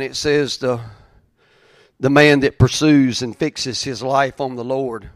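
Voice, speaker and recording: A man's voice: medium pitch, no room sound. Man preaching a sermon, dry close sound. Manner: swings from quiet reflection to raised, emphatic preaching. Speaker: pastor.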